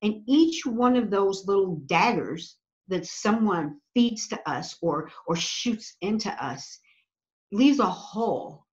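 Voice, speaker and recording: A woman's voice: mid-range voice, expressive, slow. A woman guest on a podcast giving earnest, preacherly advice, stressing her points by repeating phrases. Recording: slightly dull lo-fi audio.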